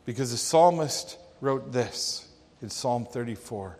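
A man pastor delivering a sermon in a church, telling a story with dramatic pauses. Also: mid-range voice, lively intonation, darkish tone. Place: church sanctuary. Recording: long church reverb.

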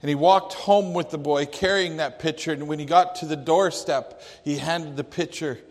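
A man preaching a sermon, telling a story slowly and deliberately, with some restarts. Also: on the high side, fairly even intonation, in a large hall. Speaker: pastor.

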